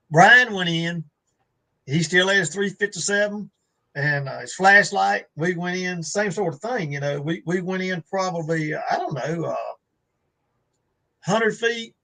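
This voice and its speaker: A man's voice: a little high, sharp tone, rough recording. A man tells a rambling story on a live show, full of fillers and restarts. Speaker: guest. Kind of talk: casual storytelling on a live stream.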